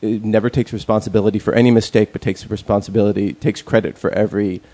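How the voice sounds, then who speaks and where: A man's voice: fairly low pitch, steady tone, fast, warm tone. A man in a casual chat, rambling with many fillers and restarts and speaking bluntly, with some profanity.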